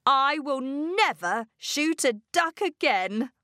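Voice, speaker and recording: A woman voicing a calm, resourceful father in a storybook, with a slow, careful read-aloud delivery. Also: sits high, no room sound, clean studio sound, voice pushed up, heavily acted.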